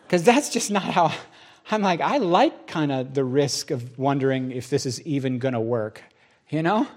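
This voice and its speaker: A middle-aged pastor preaching a sermon, telling stories with lots of voiced quotes. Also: male voice, medium pitch, measured pace. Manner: animated storytelling with many voiced quotes.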